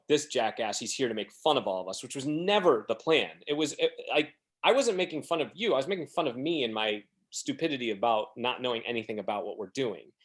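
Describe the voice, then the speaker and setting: A man telling rambling, self-deprecating stories as a podcast guest, acting out the quotes of other people. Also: mid-range voice. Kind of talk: casual storytelling.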